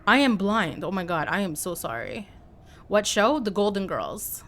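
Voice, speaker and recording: A woman streaming a game live, chatting excitably with her viewers as she plays. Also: medium pitch, normal speed, slight background noise. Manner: excitable, chatty, talks to chat. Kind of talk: live gameplay commentary.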